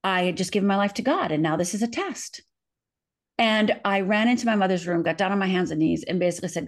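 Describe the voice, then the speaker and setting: Speaking fast with lively intonation, a middle-aged woman author from Upper Michigan, USA, recounts her past as an interview guest, vividly and earnestly, performing the quoted lines. Her voice is medium in pitch.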